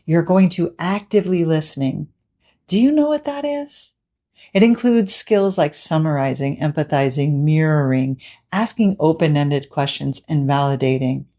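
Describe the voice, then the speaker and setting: Brief: woman therapist, measured explanatory delivery, lowish mellow voice. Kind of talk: scripted educational talk.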